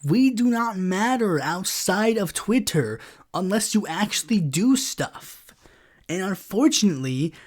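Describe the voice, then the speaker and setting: A podcast host lets off steam in a loose, sarcastic monologue, leaning on "like" and "it's like" as he goes. His voice sits a little high and swings widely in pitch, rising sharply whenever he is exasperated. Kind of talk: casual ranting monologue.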